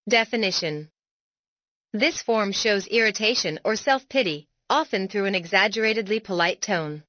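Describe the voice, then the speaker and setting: A woman with a bright, forward voice reads an educational script in a measured, deliberate way. The audio is dry and slightly dull, like a modest home setup. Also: mid-range voice, no room sound. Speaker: educational narrator. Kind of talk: scripted explanatory narration.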